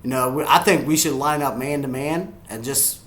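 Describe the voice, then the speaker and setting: A man giving excitable live reaction commentary on a football game, yelling at the players and chuckling often. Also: mid-range voice, normal speed, echoey room. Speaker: sports fan reacting to a game.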